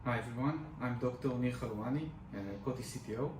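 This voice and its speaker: A man's voice: medium pitch, fast talker. A man, a company technology chief, formally introducing himself at a conference. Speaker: company CTO presenting. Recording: echoey, distant, noisy.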